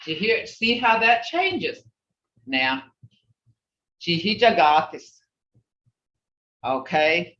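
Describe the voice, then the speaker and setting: Slow, patient language teacher on a video call. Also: mid-range voice, sing-song, fairly bright tone, far from the mic. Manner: patient, repeats phrases to model tone. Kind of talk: online class instruction. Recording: roomy, dull video-call audio.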